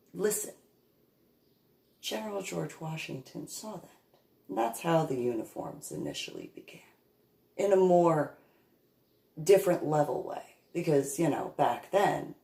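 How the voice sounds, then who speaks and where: Gravelly, rambling woman storyteller. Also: a bass voice, mellow. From New Jersey. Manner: digressive, halting, many restarts. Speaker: reverend recounting memories. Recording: echoey room.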